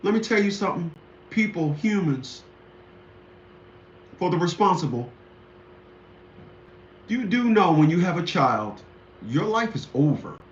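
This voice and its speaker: A man's voice: high-pitched, very animated, unhurried, pauses often, slight background noise. A man delivering a rambling, indignant ranting monologue, repeating himself often. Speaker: commentator. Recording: echoey, dull lo-fi room sound.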